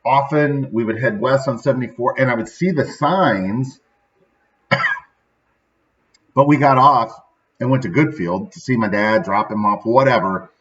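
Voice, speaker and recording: A man in his thirties from central Illinois hosts a daily motivational show, rambling upbeat through casual talk and often tagging on "right?". His voice is medium-pitched and a bit bright, and the recording sounds slightly dull and lo-fi.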